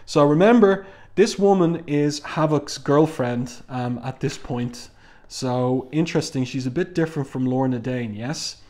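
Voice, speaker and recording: A man giving a measured, panel-by-panel review of a comic book, pausing often with "um". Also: mid-range voice, darkish tone. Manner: measured, thoughtful, frequent "um" fillers.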